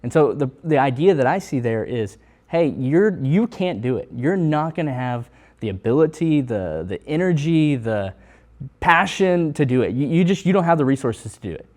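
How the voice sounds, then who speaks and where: A man's voice: mid-range voice, lively intonation, moderate pace, darkish tone. A man telling a Bible story as a personal testimony, earnestly acting out the voices of the people in it. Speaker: missionary sharing testimony. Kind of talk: casual testimony.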